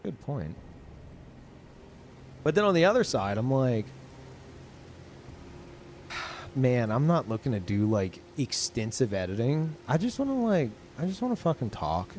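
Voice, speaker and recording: Male streamer, loose and profane, rambling casual chat, pitch swings around a lot. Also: sing-song, a little slow, long pauses, a little mellow, slight background noise. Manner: rambling, swearing, restarts sentences often. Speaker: livestreamer. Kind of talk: casual chat to a live audience.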